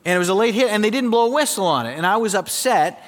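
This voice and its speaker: A man preaching a sermon, telling a personal story in a lively, animated way before moving into teaching. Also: quick pace. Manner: animated storyteller, voice climbs high when acting out his younger self. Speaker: pastor. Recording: long hall reverb.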